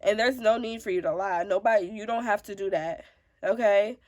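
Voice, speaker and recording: A woman's voice: mid-range voice, brisk, a little mellow. Mom vlogger in her twenties, congested voice, frank talk straight to camera. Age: 20s. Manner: frank, sassy, talks straight to viewers. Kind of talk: casual sit-down advice vlog.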